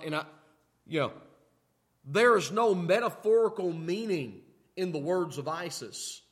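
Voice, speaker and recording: A man preaching a sermon in a folksy way, often asking "okay?" and moving between loud emphatic lines and quiet asides. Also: high voice, lively intonation, a little slow. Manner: folksy, repeats "okay?" to check in with listeners. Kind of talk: sermon teaching.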